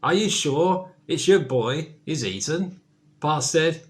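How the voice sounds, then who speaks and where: A man's voice: a little high, expressive, measured pace. A man reciting a comic verse monologue as a birthday tribute, with hesitant asides in between.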